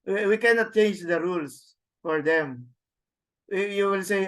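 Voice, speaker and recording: A man lectures a Greek class over a video call, speaking slowly and haltingly with frequent restarts. His voice sits a little high for a man. He walks students through the material step by step. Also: a bit bright. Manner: halting, many restarts and fillers; slow, explains step by step. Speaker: Greek teacher.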